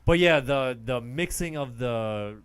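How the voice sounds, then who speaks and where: A man co-hosts a movie podcast in a smooth, clear voice. He talks slowly and easily, often just agreeing with short replies as his friend recaps the film. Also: medium pitch, expressive. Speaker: podcast co-host. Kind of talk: casual movie review chat.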